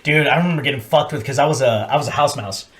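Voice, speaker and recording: A young man, a former Marine co-hosting a podcast, telling crude boot camp stories and acting out yelling drill instructors. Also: mid-range voice, fast, a little hiss or hum. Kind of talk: crude casual storytelling.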